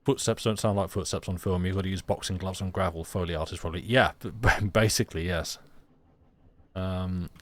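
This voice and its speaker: A man's voice: low-pitched, steady tone, brisk, no room sound. A young man streaming a narrative game, chatting casually and joking with many restarts.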